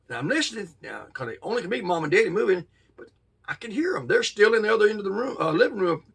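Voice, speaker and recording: Gravelly man telling a ghost story. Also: high-pitched, big pitch swings, fairly bright tone, recorded from a distance. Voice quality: gravelly, husky. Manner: folksy, drawn-out retelling with sudden bursts. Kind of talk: casual spoken ghost story.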